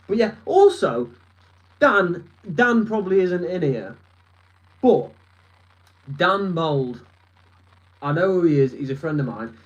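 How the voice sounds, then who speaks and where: Answering his live chat from a desk in his room, this twenties-aged northern Englishman with a Lancashire accent rambles and curses. His high voice is very animated yet slow-paced, with long pauses. The recording is rough.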